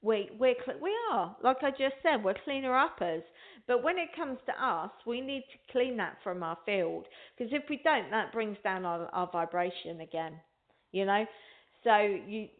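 A woman's voice: fairly high pitch, lively intonation, a little slow. A woman hosting a spiritual talk show, chatting in a rambling way and speaking straight to her listeners. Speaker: radio show host. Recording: tinny phone line.

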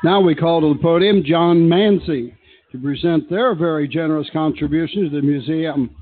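MC, male, formal announcing tone, somewhat high voice, dry phone-like audio. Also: normal speed, no echo. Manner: formal, reading introductions. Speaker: master of ceremonies. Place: banquet hall.

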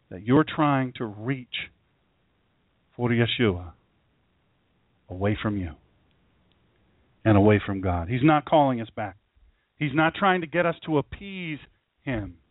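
A man's voice: medium pitch, no room sound. A man from Southern Delaware preaching a sermon in a folksy way, often repeating phrases and calling his listeners folks. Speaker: pastor. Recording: tinny phone-like audio.

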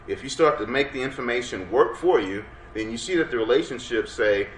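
A man's voice: mid-range voice, brisk. A man presenting an interactive workshop lecture with energy, urging the audience to answer. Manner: energetic, coaxes audience to respond. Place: workshop room. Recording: roomy room sound, faint background noise.

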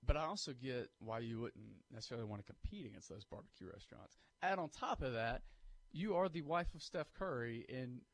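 Guy cohosting sports radio, really animated, loves a hot take, normal middle pitch. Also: fairly quick, creaky, dry recording. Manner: animated, pushes hot takes and emphatic opinions. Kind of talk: casual sports talk radio. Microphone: studio microphone.

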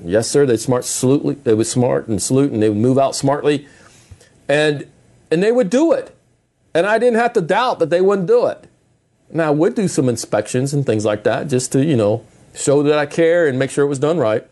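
A middle-aged man preaching in a calm, plain-spoken conversational way, often repeating himself and restarting phrases. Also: fairly high pitch, normal speed. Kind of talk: conversational sermon.

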